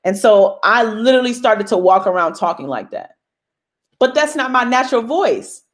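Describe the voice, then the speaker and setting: A woman's voice: on the high side, lively intonation, normal speed. A young woman hosting a casual motivational talk to her viewers, emphatic and bold like a preacher. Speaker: host.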